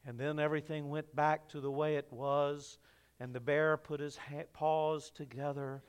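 A male pastor preaches in a relaxed, conversational manner, often turning to ask his listeners questions. His voice sits high for a man and sounds smooth and resonant. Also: moderate pace. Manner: conversational storytelling, addresses the congregation. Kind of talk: sermon.

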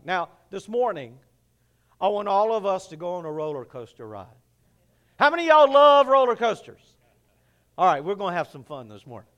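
A male pastor preaching a sermon, telling a story in an animated, playful way. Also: sits high.

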